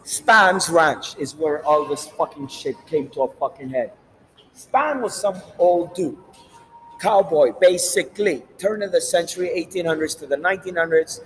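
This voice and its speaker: A man delivering a rambling, profane, animated monologue as the host of his own channel. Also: on the high side, moderate pace, slight background noise, rough recording. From Latin America.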